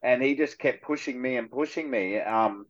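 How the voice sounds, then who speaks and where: A male actor with an Australian accent, a guest on a radio show, telling stories in relaxed chat and laughing easily. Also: mid-range voice, normal speed, lo-fi sound.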